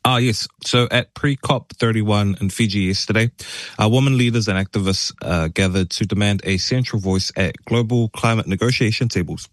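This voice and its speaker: Low-voiced radio host reading the news. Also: male voice, normal speed, no echo. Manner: reads items with fillers and slips, then chats. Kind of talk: news reading with casual asides. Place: radio studio.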